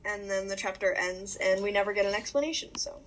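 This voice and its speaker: A woman's voice: mid-range voice, level tone, fairly quick, slight background noise, low-quality recording. A young woman co-hosting a casual book discussion, rambling with lots of "like" and standing her ground. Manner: rambling, many "like"s, insistent. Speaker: podcast co-host.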